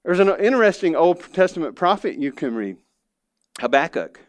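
A man preaching a sermon as pastor, earnest, dropping quiet and then rising to emphatic lines. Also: on the high side, sing-song, moderate pace, no echo. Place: church.

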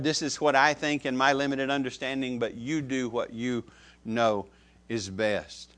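Preaching to his congregation, this pastor booms out important words, then falls to quiet, low asides and repeats phrases for his listeners.

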